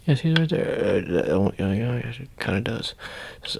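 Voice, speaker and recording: A man in a whispered role-play as an ASMR host, playful and rambling, drifting between a soft voice and whispers. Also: mid-range voice, animated, normal speed, gravelly, hardly any pauses, slight background noise.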